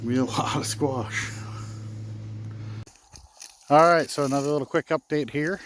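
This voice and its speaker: A man's voice: on the high side, measured pace, slight background noise. A man giving a casual, folksy farm vlog outdoors, chatty and a bit out of breath. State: slightly out of breath. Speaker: farm vlogger.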